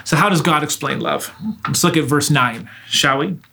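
A man's voice: fairly high pitch, normal speed, creaky, background noise. A man preaching a sermon, earnest and direct, asking his listeners rhetorical questions.

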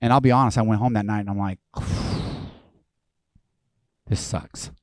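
A male pastor delivering a lively, conversational sermon, acting out the voices of people he quotes. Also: on the low side, rapid-fire, no echo.

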